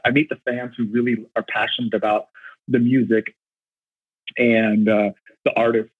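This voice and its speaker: A man with a husky, slightly rough voice talks eagerly and at length, stumbling over and restarting his words as he tells a story. The sound is dry and squeezed through a narrow, phone-like band. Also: mid-range voice, level tone, normal speed, no room sound. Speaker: concert photographer. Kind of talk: storytelling in an interview.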